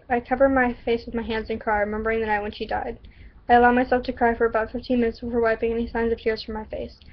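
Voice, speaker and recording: Woman from the Southern US, casual vlogger reading her story, giggly and chatty, muffled recording. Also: on the high side. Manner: giggly, chatty, self-interrupting.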